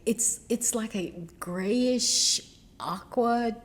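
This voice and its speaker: A woman's voice: fairly high pitch, very slow. A woman co-hosting a casual knitting chat in a yarn shop, talking hesitantly and laughing at herself.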